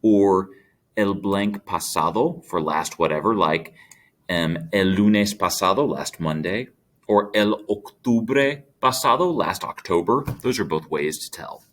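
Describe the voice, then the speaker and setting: Low-voiced man teaching a grammar lesson. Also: a little slow. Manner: patient, explains step by step to students. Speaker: Spanish teacher. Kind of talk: recorded classroom lesson.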